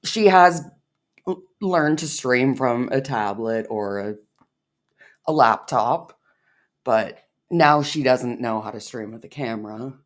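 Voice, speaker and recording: A woman's voice: very deep voice, animated, slow pace. A woman co-hosting a reaction video, speaking in a dry, teasing way. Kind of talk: casual reaction chat.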